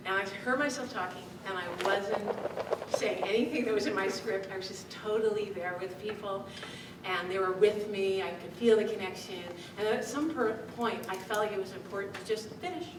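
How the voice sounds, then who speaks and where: A woman speaking coach telling a lively story to a live audience, laughing often as she talks. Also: medium pitch, normal speed. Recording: distant mic in an echoey room with background noise.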